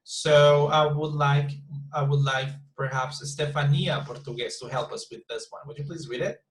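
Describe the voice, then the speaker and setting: A man's voice: a little high, fairly even intonation, moderate pace. Man teaching English on an echoey call. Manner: repeats words while searching, models sentences with exaggerated stress. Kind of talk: online class teaching. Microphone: video call.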